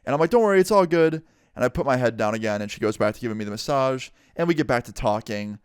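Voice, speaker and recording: A young man, a vlogger, telling a story in a casual, animated way with some swearing. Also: mid-range voice, rapid-fire, clear, resonant tone, no echo, studio quality. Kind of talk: storytime vlog.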